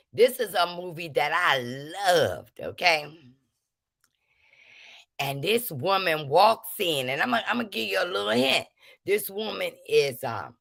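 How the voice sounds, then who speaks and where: List: woman, livestream quiz host, casual chat, lively swooping pitch, bright voice. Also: no room sound, clean studio sound. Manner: animated, laughing, drawn-out speech.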